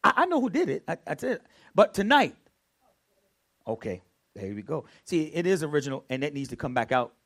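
A man preaching a prayer sermon as pastor, repeating phrases and swinging from soft murmurs to loud shouts. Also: on the high side, very animated, gravelly. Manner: repeats phrases, drawn-out emphatic delivery.

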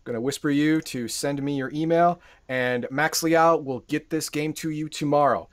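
A man's voice: a little high, steady tone, normal speed. A man co-hosting a live stream, chatting and bantering in an easygoing, agreeable way. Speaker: stream co-host. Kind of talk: casual live-stream chat.

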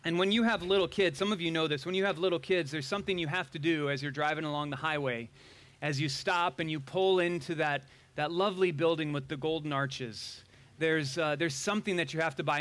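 A man's voice: fairly high pitch, fairly bright tone. A middle-aged male pastor giving a conversational sermon, asking the congregation questions with dry sarcasm.

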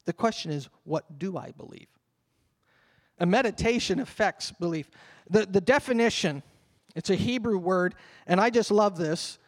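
An older man, a pastor, delivering an animated sermon that drops at times to a murmured prayer. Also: sits high. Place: church hall. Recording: long reverb of a church hall.

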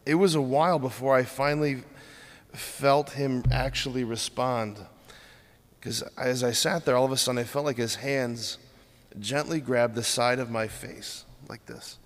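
A man, a priest, giving an informal, earnest homily full of "like". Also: mid-range voice. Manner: earnest, informal, heavy use of "like". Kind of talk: conversational homily. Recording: long church reverb.

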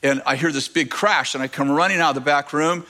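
A man preaching a sermon to a congregation, telling stories and addressing the crowd directly. He grows animated and emphatic, often acting out the voices of the people in his stories. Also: a little high, fairly quick. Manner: animated storytelling, rising to emphatic near-shouting. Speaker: pastor.

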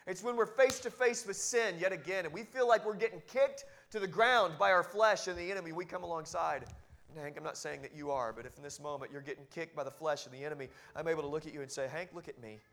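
A man with a notably high voice preaches a sermon as pastor. He exhorts earnestly, often dropping into a hushed, intimate tone. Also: fast, vocal fry. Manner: earnest and exhorting, with sudden drops to a hushed, close tone.

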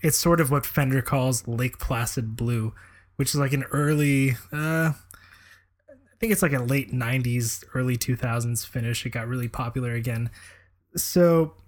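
A man's voice: medium pitch, measured pace. A man co-hosts a casual podcast. He speaks hesitantly, often restarting his sentences and filling the gaps with ums. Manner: hesitant, repeats words, many fillers. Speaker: podcast co-host. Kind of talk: casual chat.

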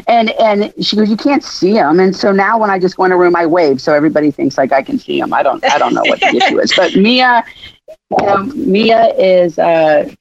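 A woman co-hosting a radio chat, telling stories in an animated way and acting out the quotes. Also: lowish voice, no echo. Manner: animated storyteller, acts out quotes. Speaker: show regular, co-host. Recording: dry, dull line.

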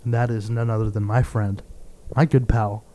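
A young man hosting a podcast in casual chat, loud and teasing, swearing freely. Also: on the low side, flat delivery, normal speed, slight background noise. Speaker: podcast host.

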